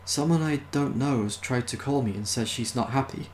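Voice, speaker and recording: A man reading aloud voices a brisk, curt female TV interviewer in a storybook reading. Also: medium pitch, slight background noise, pitched above the performer's own voice, close to an everyday voice. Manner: curt, clipped replies.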